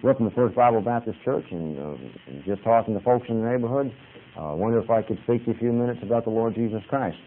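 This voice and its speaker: A man's voice: medium pitch, quick pace, a little hiss or hum. A man who is a Baptist preacher, giving a folksy, conversational sermon full of stories and punctuated with "amen". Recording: tinny phone-like radio broadcast.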